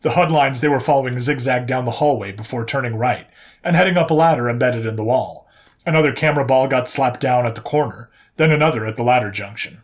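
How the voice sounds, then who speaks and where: Guy reading a sci-fi story out loud, steady and plain, mid pitch. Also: fast. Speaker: narrator. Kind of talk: audiobook narration of a sci-fi story.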